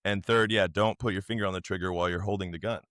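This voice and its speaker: A man co-hosting a casual podcast chat, rambling and acting out quotes in loud, high voices. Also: fairly even intonation, quick pace, no room sound, clean studio sound. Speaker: podcast co-host.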